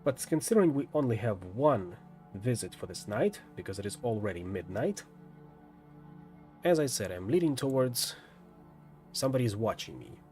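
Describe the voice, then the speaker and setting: A man streaming a visual novel, reading the story aloud with lively, lightly dramatic narration and casual asides. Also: on the low side, normal speed, pauses often, soft background music.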